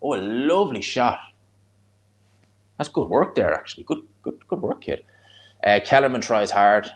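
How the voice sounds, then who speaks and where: A man with a North Dublin accent, hosting a live fight watch-along, chatting loosely and reacting excitedly to the action. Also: medium pitch, moderate pace. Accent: North Dublin (Fingal). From Ireland.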